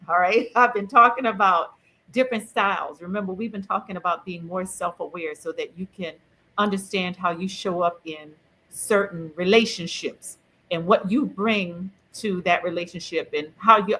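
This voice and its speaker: A middle-aged woman hosting a podcast over a video call, animated and playful, laughing often and talking in a colloquial way. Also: mid-range voice, rough recording. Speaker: podcast host. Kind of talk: lively conversational podcast hosting.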